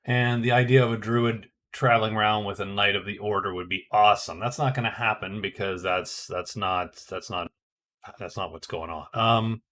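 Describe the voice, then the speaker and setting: A man's voice: lowish voice, fairly even intonation, moderate pace, fairly bright tone. Man thinking aloud through a board game. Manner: thinking aloud, hesitant with many restarts. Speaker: board game player narrating his turns. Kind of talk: casual solo game commentary.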